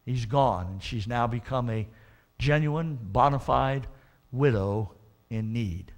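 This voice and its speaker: A man pastor delivering an earnest sermon, often restarting with repeated words and swelling into loud emphatic warnings. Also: medium pitch, takes it slowly.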